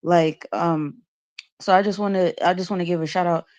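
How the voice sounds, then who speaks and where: Low-voiced woman on a panel. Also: fairly even intonation, moderate pace, a little mellow, dry recording, lo-fi sound. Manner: conversational, with many fillers, earnest. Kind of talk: casual livestream panel chat.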